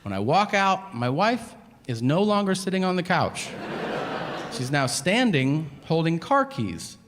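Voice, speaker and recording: A man doing stand-up comedy, telling stories with profane, deadpan asides before a live audience. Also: a little high, unhurried. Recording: live stage recording with hall reverb and audience noise.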